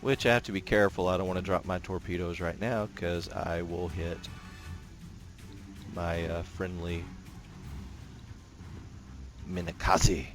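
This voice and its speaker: A man giving casual commentary while playing a naval combat game, talking in a relaxed, rambling way with many fillers and restarts. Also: sits low, unhurried, long pauses, music in the background. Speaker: gameplay commentator.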